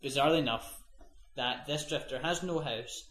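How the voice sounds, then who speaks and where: A man at an ordinary pitch, hosting a loose comedy podcast and retelling a film scene by scene. He rambles, restarts, and drops his voice low for the quoted lines. The room around him is echoey. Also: normal speed, fairly bright tone. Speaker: podcast host.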